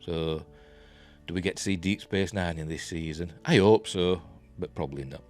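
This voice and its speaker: A man's voice: low voice, normal speed, a little mellow, soft background music. A man with a Yorkshire accent giving a rambling, enthusiastic casual review, full of ums and restarts. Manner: rambling, filler-heavy, enthusiastic. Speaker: TV review vlogger.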